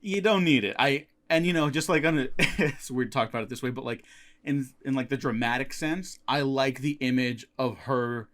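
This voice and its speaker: A man co-hosting a casual film podcast, retelling scenes in a relaxed, gleeful way. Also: mid-range voice, normal speed. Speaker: podcast co-host.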